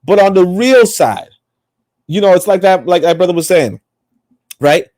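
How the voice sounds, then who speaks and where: A man's voice: sits high, expressive, moderate pace, a little mellow, dry recording, clean studio sound. Profane rambling man on a podcast. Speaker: podcast co-host. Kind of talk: casual opinionated chat.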